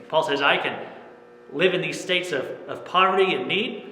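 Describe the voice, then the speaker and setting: A man's voice: on the high side, moderate pace, pushed and bright, a little hiss or hum. A man preaching a sermon as pastor, earnest and plain, often checking in with "okay?". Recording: echoey room with long reverb.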